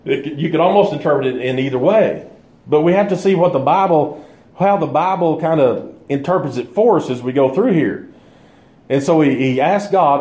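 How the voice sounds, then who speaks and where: A man's voice: fairly high pitch, expressive, a little slow, a little mellow. A man teaching a bible study in a conversational way, thinking aloud with fillers and restarts. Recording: echoey room.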